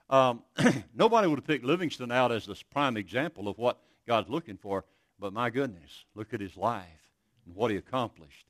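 An earnest male preacher delivering a sermon, speaking at a middle pitch. He tells stories in a halting way, often restarting his phrases. The sound is dry and close. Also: animated, a bit bright, no room sound. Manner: earnest, storytelling with many restarts.

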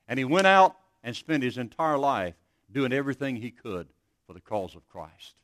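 A man's voice: medium pitch, big pitch swings, moderate pace, fairly bright tone, no room sound. Earnest male preacher, dry sound. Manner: earnest, storytelling with many restarts. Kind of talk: sermon.

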